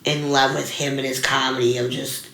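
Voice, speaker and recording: Young female comic guest, low but bright voice, animated storyteller, roomy echo. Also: normal speed. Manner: animated, many fillers, acts out quoted voices. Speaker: interview guest, comedian. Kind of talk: casual storytelling interview. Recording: echoey room.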